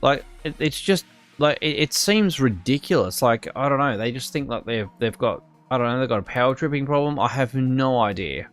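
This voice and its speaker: A man's voice: mid-range voice, expressive, moderate pace, a bit bright, faint music behind. A young Australian man telling a work story in a casual, rambling way, full of fillers and restarts and getting indignant. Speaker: streamer.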